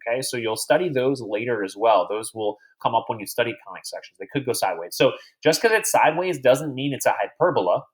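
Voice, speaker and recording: A man's voice: medium pitch, expressive, fast, few pauses. A man teaching a recorded math lecture over slides, chatty and digressive, quizzing imaginary students as if they were in class.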